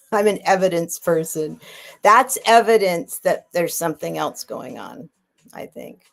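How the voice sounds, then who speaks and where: Woman, middle-aged, livestream host, casual rambling chat, somewhat low voice. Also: lively intonation, measured pace, gravelly. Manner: rambling, restarts and trails off, reads and answers chat. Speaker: host of a live sale stream.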